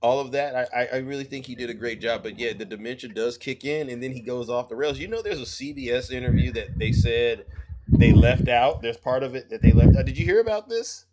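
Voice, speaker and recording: A man co-hosting a casual political chat, joking and animated, stumbling and repeating words. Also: mid-range voice, fairly quick, noisy background. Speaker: co-host.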